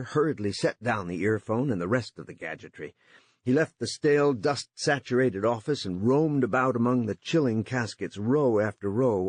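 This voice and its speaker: Male narrator, low and husky, dry close sound. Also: dry recording. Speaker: audiobook narrator. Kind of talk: scripted narration.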